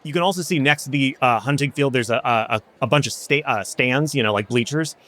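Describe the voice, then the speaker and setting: A man's voice: medium pitch, a little fast, bright, forceful tone. A man narrating a tabletop game as game master, loose and rambling.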